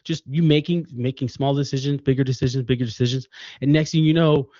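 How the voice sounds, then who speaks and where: A man in his thirties tells lively stories about fatherhood, slipping into the voices of the people he quotes. His voice sits at a middle pitch and comes through a dry, slightly muffled call line. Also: quick pace, no room sound. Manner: animated storytelling, acts out quoted voices. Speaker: podcast guest, father. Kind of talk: casual conversation.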